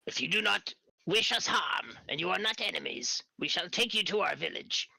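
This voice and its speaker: A man's voice: sits high, animated, creaky, sharp tone, dry recording, voice pushed up, full character voice, low-quality recording. A man with a sore throat voicing a formal male newt patrol leader who speaks in a raised, stilted way. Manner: formal, halting stilted speech. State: getting over a cold, sore throat.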